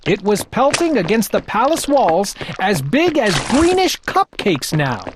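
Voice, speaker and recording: A woman narrating a children's storybook aloud in an expressive read-aloud manner. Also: medium pitch, a little slow, background noise. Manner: expressive, voices the characters.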